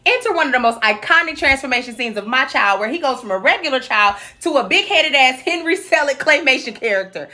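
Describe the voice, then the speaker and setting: A woman tells a movie's story as a comedy recap, sassy and profane, full of slang. Her voice is bright and forceful, and it swings widely in pitch as she talks. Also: expressive, brisk. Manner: uses Black American slang.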